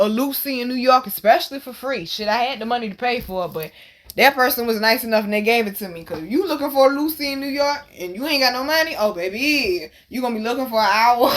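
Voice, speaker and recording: A woman with tells a personal story in casual, profane monologue. Her voice is bright and sits a bit high, and she bursts into louder, higher exclamations as she gets worked up. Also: quick pace. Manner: animated, profane, swings to loud exclaims. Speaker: host.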